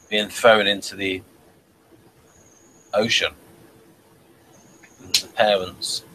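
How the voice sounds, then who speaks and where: A man's voice: lowish voice, level tone, slow, pauses often, pushed and bright, a little hiss or hum, poor audio. A man asking questions and answering in a hesitant, thinking-aloud way. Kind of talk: casual conversation.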